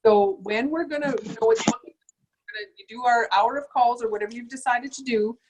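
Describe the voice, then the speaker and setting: A middle-aged woman from Canada giving a casual motivational talk as a sales trainer, chatty and acting out customers in a higher voice. She sounds sick. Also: normal speed, darkish tone. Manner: chatty, acts out customer voices with big pitch jumps.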